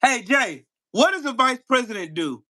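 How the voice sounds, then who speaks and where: A man hosting his own channel, delivering a heated, profane political rant at a commenter, firing rhetorical questions and bursting into shouts. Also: very high-pitched, sing-song, normal speed, faint music behind. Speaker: channel host. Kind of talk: angry political rant to camera.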